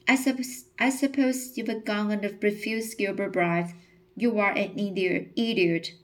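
A blunt young woman friend who speaks her mind and teases, read by a woman in her own voice. The reading is slow, with a middle pitch. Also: fairly even intonation, close to an everyday voice. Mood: scolding.

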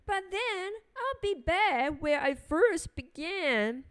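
A woman voicing a fretful little old lady who pleads and complains in a drawn-out sing-song. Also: extremely high pitch, sing-song, fairly bright tone, dry recording, heavily acted. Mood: pleading, fretful.

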